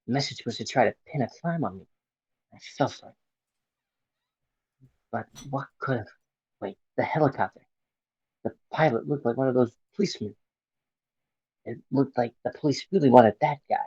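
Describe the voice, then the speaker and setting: A man's voice: medium pitch, normal speed, pauses often, a little mellow, husky, no room sound. A man co-hosting a podcast, reading a comic book aloud and slipping in and out of goofy character voices with offhand swearing. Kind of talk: casual comic read-aloud. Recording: dull lo-fi recording.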